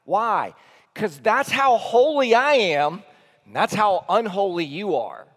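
High-voiced man preaching in a hall. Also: very animated, normal speed. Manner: earnest, emphatic preaching with repetition; swings between soft low lines and loud high ones. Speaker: teaching pastor. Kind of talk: sermon. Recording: long hall reverb.

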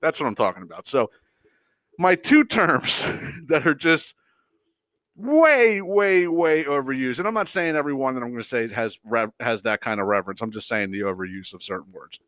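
A middle-aged man hosts a podcast, his medium-pitched voice moving at a normal speed with no echo. He rants casually as an animated storyteller, swearing heavily and laughing often in this comedic bit.

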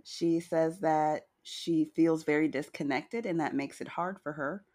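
A woman co-hosting a casual recap chat, chatty and wry, with a slightly hoarse morning voice. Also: sits low, unhurried, darkish tone. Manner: chatty, wry, retells scenes with quoted lines. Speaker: podcast co-host recapping a reality show.

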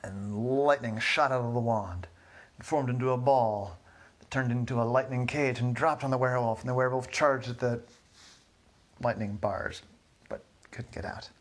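A man narrating an improvised children's story in a soft, low-key way, with small restarts. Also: moderate pace.

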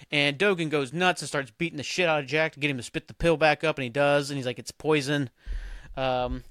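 On a clean, dry studio recording, a man with a slightly high, fairly bright voice hosts a podcast. He recaps a TV episode in a loose, rambling way, packing his talk with fillers and acting out the characters' lines.

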